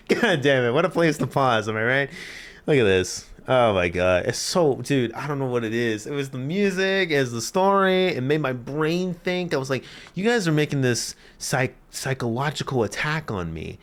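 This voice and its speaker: Excitable man, lively pitch. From Canada. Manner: excitable, exclamatory, swears freely, slangy. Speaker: gaming YouTuber. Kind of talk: casual game reaction commentary.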